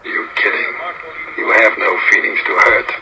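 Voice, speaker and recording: A man's voice: moderate pace, bright, forceful tone, low-quality recording. An actor playing a wry, sardonic leading man in an old film clip. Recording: hissy old film clip played through speakers.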